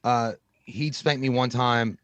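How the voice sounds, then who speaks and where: A man co-hosting a podcast, telling animated, profanity-laced stories in casual chat. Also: medium pitch, takes it slowly, clear, resonant tone, no echo, highs cut off. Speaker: podcast co-host.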